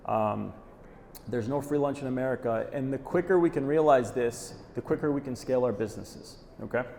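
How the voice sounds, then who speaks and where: Speaking in a mid-range voice at a fairly quick clip, this male conference presenter has vocal fry and a touch of mellowness. His live talk is punchy and direct, and he keeps asking "okay?" once he makes a point. The sound echoes through the hall over faint background noise.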